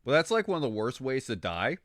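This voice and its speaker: A man rambles through casual stream chat and gets excitable, swearing freely. His voice has a bright, forceful edge. The sound is dry and close. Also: mid-range voice, fairly quick, no echo.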